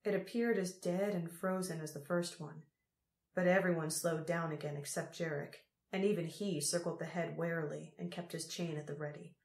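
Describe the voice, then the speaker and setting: A woman narrating an audiobook in a steady, measured way. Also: on the low side. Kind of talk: scripted narration. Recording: roomy echo.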